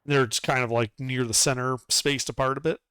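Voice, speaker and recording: A man running a tabletop game as game master, describing scenes in a relaxed, rambling way. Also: medium pitch, a little fast, clear, resonant tone, no echo. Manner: relaxed, rambling, lots of fillers.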